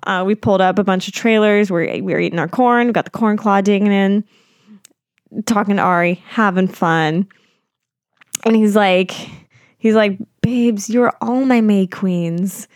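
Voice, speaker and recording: A woman's voice: mid-range voice, normal speed, long pauses, clean tone, no room sound, clean studio sound. Giggly young woman podcast host. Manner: giggly, playful, jumps into silly voices. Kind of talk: casual chat.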